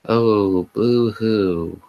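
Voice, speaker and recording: Sarcastic guy reading stuff out loud, slow and kinda low, sighs a lot. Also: muffled recording. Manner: sarcastic, sighing, exasperated asides. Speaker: host reading a fan fiction aloud. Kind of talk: sarcastic live comedic reading.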